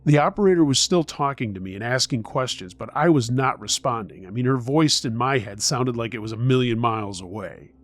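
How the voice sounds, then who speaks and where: A man with a mid-range voice reads a first-person scary story aloud. His delivery is measured and tense throughout. He draws the listener in the way a campfire storyteller would. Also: mid-range voice, animated. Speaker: horror story narrator.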